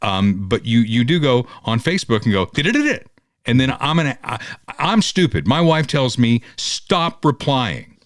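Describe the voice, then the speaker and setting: Animated, sarcastic male podcast host. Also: mid-range voice, normal speed, no room sound. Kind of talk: casual political chat.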